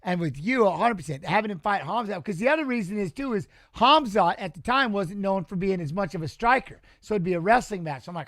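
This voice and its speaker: A man in his forties hosts a live watch-along stream, talking casually and with a lot of excitement. His voice sits fairly high for a man. He keeps stopping to greet viewers and answer their chat messages. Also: quick pace, few pauses.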